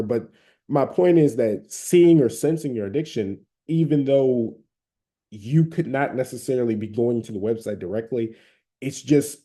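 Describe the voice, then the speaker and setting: Dark-voiced man with a Southern accent. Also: mid-range voice. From Atlanta, Georgia. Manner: conversational, frequent fillers and hedges. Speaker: speaker giving recovery advice. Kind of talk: casual advice talk.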